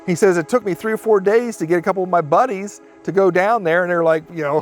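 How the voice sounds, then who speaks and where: Brief: man with a slightly high voice, rambling storyteller, soft music underneath. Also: fairly even intonation, a little fast, hardly any pauses. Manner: rambling retelling with quoted speech. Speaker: interviewee recounting a sighting. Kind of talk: casual storytelling interview.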